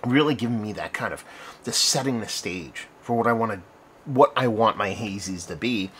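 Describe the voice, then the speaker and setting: A man hosts a casual beer review video, rambling conversationally and frequently correcting himself mid-sentence. His fairly low voice has a fairly bright tone and an animated, moderate pace, with slight background noise present.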